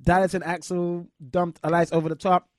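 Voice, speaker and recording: A man's voice: high voice, level tone, brisk, no room sound, clean studio sound. A man hosting a wrestling chat show and interviewing a guest, eager and rambling with lots of fillers.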